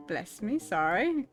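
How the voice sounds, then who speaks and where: Fields: Sex: woman. Role: streamer. Pace: slow. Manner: chatty, giggly. Style: gaming stream commentary. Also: fairly high pitch. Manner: chatty, giggly, thinking aloud.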